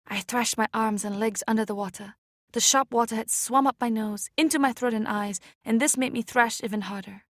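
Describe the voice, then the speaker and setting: A woman reading an audiobook chapter aloud in a measured, expressive way. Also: a little high, no room sound, studio quality. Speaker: audiobook reader. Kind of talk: scripted narration.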